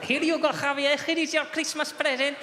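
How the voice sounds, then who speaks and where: A man's voice: extremely high pitch, expressive, quick pace, pitched above the performer's own voice. A man voicing a cheerful Spanish family father in a sing-song put-on accent on a comedy stage. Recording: echoey hall, loud background noise.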